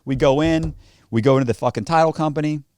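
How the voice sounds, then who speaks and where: A man's voice: on the high side, fast talker, dry recording. A man, a guest on a podcast, telling stories casually and with animation, often swearing. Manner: animated, profane, acts out the voices of others in his stories. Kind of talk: casual storytelling in a podcast interview. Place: podcast studio.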